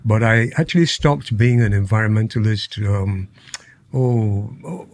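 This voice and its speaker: An older Nigerian man with a Nigerian accent and a lowish, unhurried voice is a guest on a podcast. In this casual storytelling interview, he delivers animated anecdotes, acts out quotes, and laughs often.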